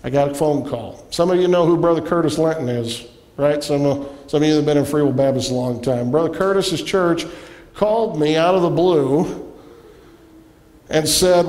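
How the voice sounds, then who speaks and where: A man preaching as a guest in a church, telling a personal story with animated delivery and acted-out voices. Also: a little high, brisk. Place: church sanctuary. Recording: echoey church hall.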